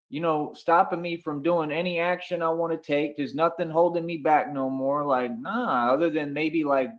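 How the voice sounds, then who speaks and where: Boastful man on dull lo-fi audio. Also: on the high side. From United States. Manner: boastful, swaggering, repeats "like I said". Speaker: livestream host. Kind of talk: casual livestream monologue.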